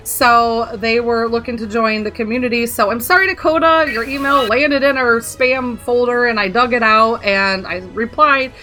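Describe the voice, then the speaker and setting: Giggly high-voiced woman podcaster. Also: bright, forceful tone. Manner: giggly, rambling, laughs often. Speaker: podcast co-host. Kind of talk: casual chat.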